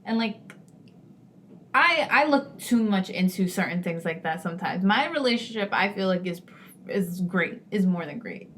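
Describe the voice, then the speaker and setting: A woman's voice: mid-range voice, lively intonation, moderate pace, fairly bright tone, a little hiss or hum. A young woman co-hosting a podcast in casual chat, frank and chatty, often laughing. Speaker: podcast co-host.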